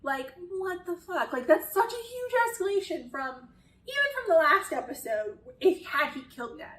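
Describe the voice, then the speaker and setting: A woman's voice: very high voice, sing-song, moderate pace, a bit bright, roomy sound, far from the mic, slight background noise, poor audio. A woman chatting casually through a critique of a show, exasperated at times and swearing freely. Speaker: video essayist.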